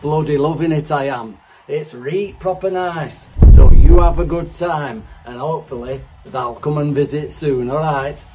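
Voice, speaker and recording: A man's voice: a little high, unhurried, mellow, far from the mic, a little hiss or hum. A man from Yorkshire with a thick Yorkshire accent, giving a jovial casual greeting in broad dialect. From Yorkshire, England. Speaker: guest giving points.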